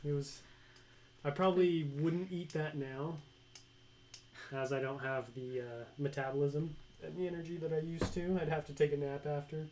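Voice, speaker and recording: A young adult man co-hosting a livestream, joking and telling stories in a relaxed, casual way. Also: a little high, moderate pace, a little hiss or hum. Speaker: livestream co-host.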